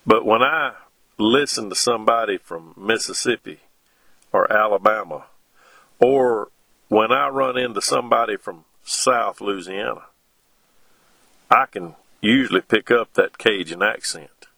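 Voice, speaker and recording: A middle-aged man, preaching a sermon in a slow, folksy way with homespun asides between scripture readings. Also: lowish voice, gravelly, bright, forceful tone.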